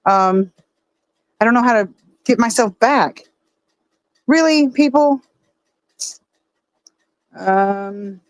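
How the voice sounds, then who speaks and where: A woman's voice: medium pitch, no echo, lo-fi sound. A woman live-streaming from her phone at home, swearing and grumbling at her equipment while she shows her fish tanks to the chat. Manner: frustrated, swears a lot, talks to chat. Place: home room with aquariums.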